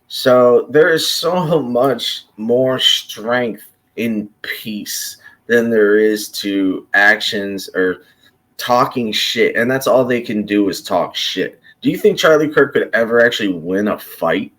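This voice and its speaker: A man's voice: medium pitch, lively intonation, slow, fairly bright tone. A man from Chicago delivering an unscripted, impassioned monologue, blunt and profane, often breaking off and restarting his sentences. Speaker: commentator.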